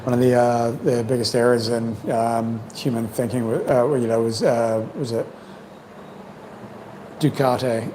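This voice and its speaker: Croaky man rambling on a livestream. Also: mid-range voice, little pitch movement, a little slow, dark tone, a little hiss or hum, poor audio. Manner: rambling and reflective, full of "you know". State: slightly croaky from long talking. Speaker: livestream host. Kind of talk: casual livestream chat. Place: home in Cambodia.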